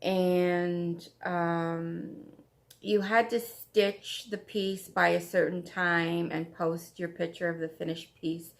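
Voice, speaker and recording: Casting note: woman, crafting vlog host, unhurried and gravelly, gushy and repetitive. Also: on the low side, fairly even intonation. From Canada. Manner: chatty, gushing, repeats herself. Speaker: flosstube host. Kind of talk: casual show-and-tell chat.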